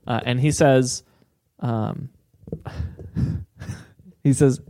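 A man's voice: mid-range voice, fairly even intonation, extremely slow, dark tone, dry recording. A man co-hosting a comedy podcast, telling the story and laughing often as he goes.

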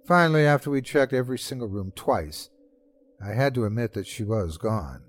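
A man's voice: lowish voice, lively intonation, normal speed. A man hosting and narrating a horror story in a scripted, dramatic storytelling way. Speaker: host and narrator.

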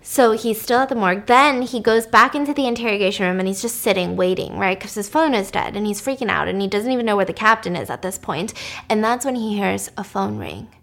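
A woman casually retelling the plot of a drama, animated and dropping to a whisper at tense moments. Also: medium pitch, a little fast, gravelly. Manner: animated, drops to a whisper for suspense. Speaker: storyteller recapping a drama. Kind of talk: casual storytelling recap.

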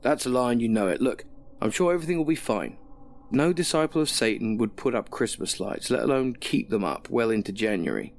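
Blunt bloke, as a narrator voices him, calm and dismissive. He talks briskly and matter-of-factly in a spoken horror story. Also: mid-range voice, a little hiss or hum, close to an everyday voice.

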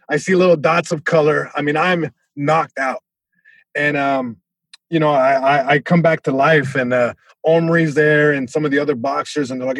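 A young man tells a story on a podcast, acting out other people with sudden loud bursts. His voice sits a little high and has a husky grain. The sound is dry and close, with no room around it. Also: steady tone, normal speed, no echo. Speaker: comedian guest. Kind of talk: casual storytelling.

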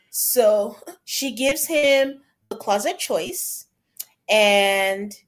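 Chatty woman recapping reality TV. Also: medium pitch. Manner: chatty, quotes people in put-on voices. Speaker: podcast co-host. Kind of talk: casual recap chat.

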